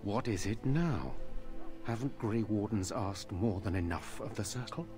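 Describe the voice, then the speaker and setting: A man's voice: lowish voice, a little slow, music in the background, natural voice. An actor playing a haughty, grumpy male mage in a fantasy video game, curt and condescending. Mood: irritated.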